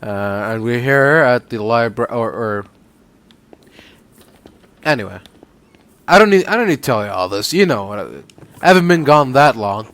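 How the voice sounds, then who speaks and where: A man casually commenting on a game he is playing, relaxed and rambling. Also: medium pitch, normal speed, long pauses. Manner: relaxed, rambling with fillers and restarts. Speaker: let's play host.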